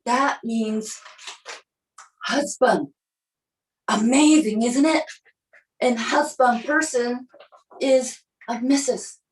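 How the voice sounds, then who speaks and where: A woman's voice: fairly high pitch, very slow, pauses often, echoey room, recorded from a distance, rough recording. A woman doing stand-up, playfully teaching like a teacher. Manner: playful, teacherly, acts out characters with her body. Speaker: stand-up comic. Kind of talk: stand-up comedy.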